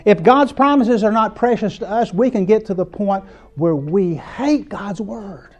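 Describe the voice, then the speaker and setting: A man's voice: sits high, unhurried, highs cut off. A man with a Southern US accent preaching a sermon in an earnest, conversational way, building to emphatic points.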